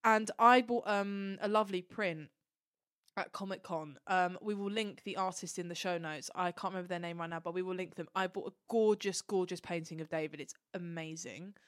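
A woman's voice: on the low side, normal speed, no echo. Gushing woman podcast host, dry close sound. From Turkish heritage. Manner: gushing, animated storyteller who swears casually. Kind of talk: casual chat.

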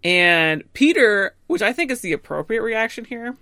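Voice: medium pitch, sing-song, moderate pace, sharp tone, clean tone, no room sound, studio quality. A co-host recapping plot in casual chat, chatty and quoting characters' lines along the way. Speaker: podcast co-host.

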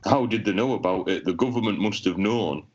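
A man, a podcast co-host telling crude jokes in casual banter with a deadpan delivery. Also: lowish voice, brisk. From England. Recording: dull lo-fi sound.

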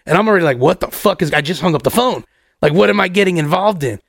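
A young man hosting a podcast, telling a story in a profane, animated way and acting out the other people's lines. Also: high-pitched, quick pace, gravelly, no room sound, clean studio sound. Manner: profane, acts out every voice in the story. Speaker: podcast host.

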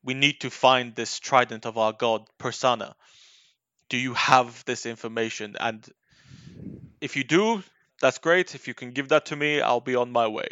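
A man's voice: medium pitch, moderate pace, bright, forceful tone, no echo, highs cut off, close to an everyday voice. A man voicing a proud royal guard from the sea who speaks formally and insistently. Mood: pompous.

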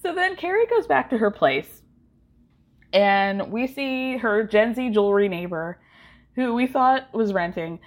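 A woman's voice: a little high, animated, a little slow. A woman hosting a podcast, giving a chatty, gossipy recap of a TV show with lots of asides to her listeners. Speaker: podcast host. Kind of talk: casual pop culture TV recap.

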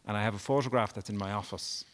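A man's voice: fairly low pitch, fast talker, fairly bright tone. A man, a guest at a live event, candidly and emotionally telling a personal story and swearing freely. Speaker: interview guest. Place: live event before an audience.

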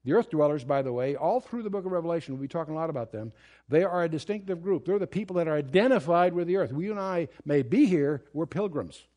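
A man's voice: on the high side, lively intonation, quick pace, mellow. A man giving a verse-by-verse Bible study lecture, earnest and emphatic, with restarts and asides. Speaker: Bible teacher.

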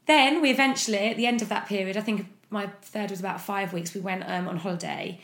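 A woman speaking as an interview guest, frank and open in a candid personal account, often pausing on fillers. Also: medium pitch, fairly even intonation, fairly bright tone. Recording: echoey room.

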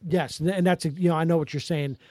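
A man from Pennsylvania hosting a casual sports podcast, talking in quick, animated bursts and often restarting his sentences. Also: a little high, dry recording. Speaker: podcast host.

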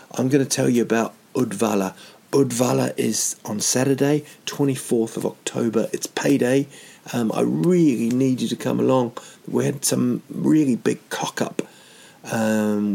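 Gravelly man rambling through comic stories. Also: mid-range voice, fairly even intonation, unhurried, warm tone. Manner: meandering, self-mocking, with asides and restarts. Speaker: stand-up comedian.

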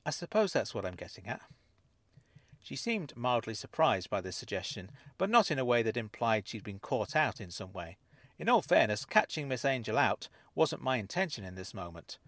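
Man narrating a first-person story, lively. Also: mid-range voice, normal speed, no echo.

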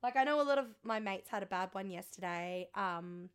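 A woman's voice: medium pitch, lively intonation, a little fast, clean tone. A young woman co-hosting a podcast in casual chat, laughing often and swearing freely. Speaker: podcast co-host.

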